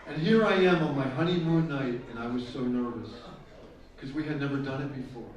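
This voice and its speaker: A middle-aged man with a mid-range voice performs live stand-up on a stage before an audience, speaking briskly with crude, teasing crowd work and laughing at his own jokes. The muffled recording was captured from a distance in an echoey hall, with music.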